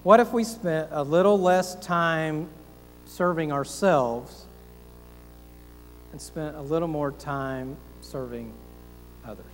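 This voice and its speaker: A man's voice: a little high, takes it slowly, pauses often, faint music behind. Earnest folksy man preaching in a reverberant hall. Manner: earnest, folksy, rhetorical questions, self-deprecating asides. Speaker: pastor. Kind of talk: sermon.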